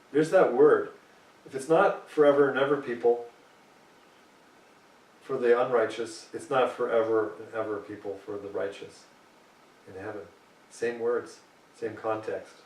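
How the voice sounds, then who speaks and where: A man's voice: mid-range voice, darkish tone, reverberant, far from the mic, poor audio. A man preaching a sermon, reading scripture aloud and pressing his points emphatically.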